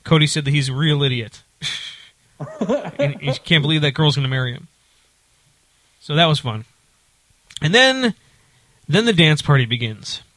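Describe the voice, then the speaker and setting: A man's voice: a little high, big pitch swings, unhurried, long pauses, a bit bright, dry recording. A man telling a long story in casual chat, with lots of fillers and restarts. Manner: rambling, many fillers and restarts.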